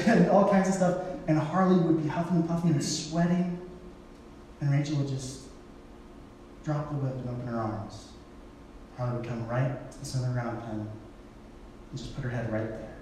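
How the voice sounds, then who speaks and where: A man's voice: medium pitch, a little mellow, distant mic, slight background noise. Man preaching in an echoey hall. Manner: casual storytelling with playful voices for quoted people. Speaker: pastor. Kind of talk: sermon.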